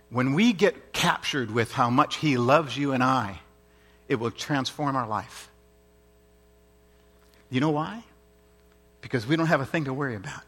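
A man's voice: medium pitch, moderate pace, pauses often, fairly bright tone. A man preaching a sermon in an earnest, emphatic way, repeating his points and asking rhetorical questions.

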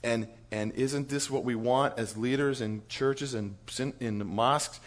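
A man on church staff telling a lively story to church leaders, chuckling as he goes. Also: mid-range voice, a little slow. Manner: animated storyteller, chuckles through his story.

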